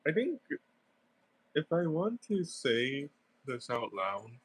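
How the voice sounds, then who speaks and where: A young man with a stuffy nose talks a game stream through in a slow, meandering way, full of fillers and little laughs. His voice sits at an everyday middle pitch, close to the mic in a dry, dead-sounding room. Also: sing-song, breathy edge, dry recording. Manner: rambling, filler-heavy, giggly. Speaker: gaming streamer. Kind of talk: casual gameplay commentary.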